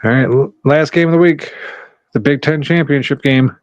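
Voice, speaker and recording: A man's voice: fairly high pitch, normal speed, no room sound, muffled recording. A man hosting a casual sports podcast, brash and swearing freely as he calls for each panelist's picks. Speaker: podcast host.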